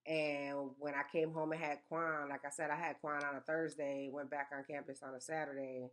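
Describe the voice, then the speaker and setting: Woman, 30s, slightly low voice, emphatic casual storyteller. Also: moderate pace. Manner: animated, emphatic, repeats words for effect.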